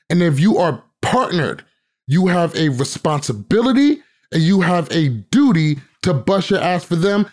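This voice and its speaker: A man's voice: a little high, darkish tone. Profane, ranting male podcast host. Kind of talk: casual podcast chat.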